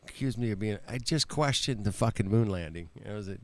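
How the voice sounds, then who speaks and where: A man's voice: lowish voice, fairly quick. A man hosting a casual livestream chat, laid-back and laughing often, calling people man and bro and swearing freely. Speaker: livestream host.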